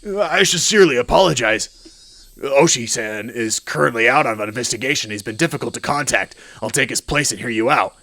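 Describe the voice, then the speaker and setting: A man's voice: mid-range voice, a little fast, few pauses, bright, forceful tone. Man playing a stammering nervous police chief. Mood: nervous placating. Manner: stammering, placating. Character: nervous stuttering male police division chief.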